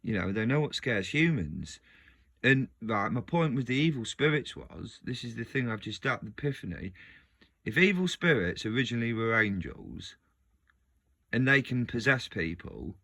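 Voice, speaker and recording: Gravelly and medium-pitched at a moderate pace, this man hosts a video where he muses casually. He rambles, stops mid-thought and restarts often, animated throughout and laughing frequently.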